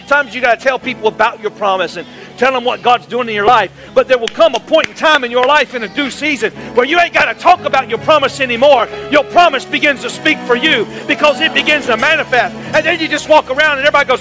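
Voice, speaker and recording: Male pastor, bright sharp tone, call-and-response sermon. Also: very high-pitched, poor audio. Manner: call-and-response preaching, rising to shouts.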